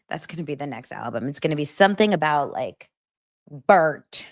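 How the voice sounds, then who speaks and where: A woman with a lowish voice chats about celebrity gossip in a playful, meandering way, often stopping mid-word to restart. The sound is dry and close, with no room around it. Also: expressive, moderate pace, no room sound. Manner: rambling, self-interrupting, playful. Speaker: host. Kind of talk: casual celebrity gossip chat.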